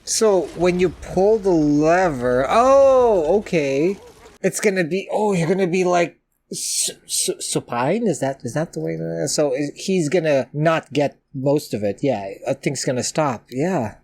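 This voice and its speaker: A man giving casual, expressive commentary while watching a movie for the first time, swearing and laughing along. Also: fairly high pitch, unhurried. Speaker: movie reactor. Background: film audio playing faintly.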